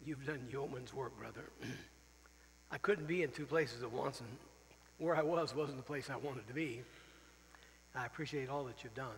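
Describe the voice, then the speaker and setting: A man's voice: mid-range voice, moderate pace, long reverb tail, a little hiss or hum, poor audio. A man who is a missionary pastor preaching a farewell sermon, earnest and openly emotional, repeating phrases for emphasis. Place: church sanctuary.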